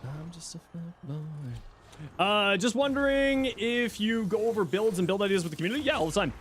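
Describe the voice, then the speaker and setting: A man's voice: sits high, animated, a little fast, a bit bright, a little hiss or hum. A man streaming a video game, chatting casually and reading his viewers' questions aloud before answering them offhandedly. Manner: easygoing, chatty, jokey. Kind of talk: casual live-stream chat while gaming.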